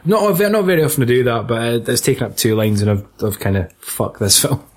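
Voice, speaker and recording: A man's voice: mid-range voice, a little fast. A man with a Scottish accent, co-hosting a casual film podcast, swearing and laughing through jokey banter. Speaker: podcast co-host.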